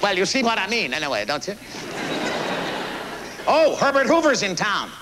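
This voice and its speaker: An actor playing a blunt, folksy older American president with a Missouri accent, performing live on stage. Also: male voice, high voice, wildly swooping pitch, normal speed, noisy background. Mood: folksy storytelling. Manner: folksy, salty, emphatic. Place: theater stage.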